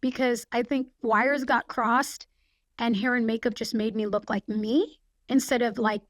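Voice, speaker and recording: A woman in her forties, a podcast guest, telling stories in a quick, chatty way full of "like". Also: on the high side, fairly even intonation, no room sound. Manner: chatty, fast storytelling with frequent "like". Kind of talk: casual anecdote telling.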